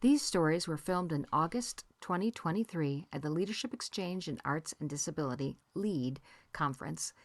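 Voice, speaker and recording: A woman announcer giving a measured, formal scripted introduction. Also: low-pitched, animated, no room sound. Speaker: program announcer. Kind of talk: scripted narration.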